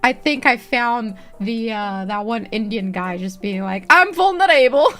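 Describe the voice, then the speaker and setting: A woman's voice: medium pitch, fairly even intonation, unhurried, fairly bright tone, faint music behind. A woman streaming live and chatting casually with viewers; she giggles constantly and swears freely.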